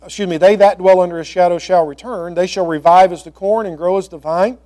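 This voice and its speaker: A male pastor with a high-sitting, warm voice and fairly even intonation teaches scripture one verse at a time. He takes the old text slowly, then explains it through quick, conversational remarks.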